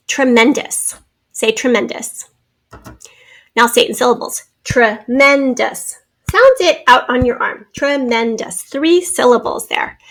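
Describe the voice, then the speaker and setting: A woman teacher giving a spelling and phonics lesson, sounding out words slowly and carefully. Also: high voice, a bit bright. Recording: recorded lesson video.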